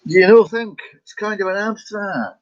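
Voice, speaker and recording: A man's voice: high voice, moderate pace, muffled recording. A middle-aged Scottish man chatting casually about his paintings, rambling, chuckling and answering his own questions. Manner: rambling, chuckling, talks to himself. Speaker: artist vlogger.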